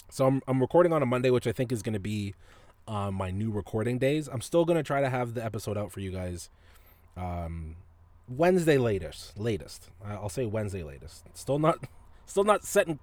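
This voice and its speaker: A man's voice: mid-range voice, a little mellow, no room sound. A man hosting a podcast, telling a story in a casual, profane way and laughing often. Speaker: podcast host.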